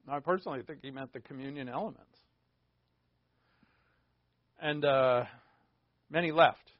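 A pastor with a medium-pitched voice and vocal fry preaches in a conversational style, asking rhetorical questions and dropping informal asides. There's no echo; the lo-fi recording sounds dry and dull.

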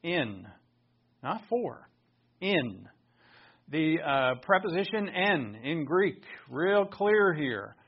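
A man's voice: a little high, big pitch swings, very slow, slightly rough. Emphatic man preaching, lo-fi. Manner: emphatic, rhetorical questions. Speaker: pastor. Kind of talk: sermon.

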